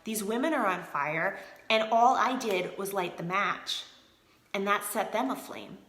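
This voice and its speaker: A woman's voice: medium pitch, a little slow, a bit bright, roomy sound. A woman leading a sales team, chatting casually and energetically in a motivational live video, answering viewers by name. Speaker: team leader of a direct sales group.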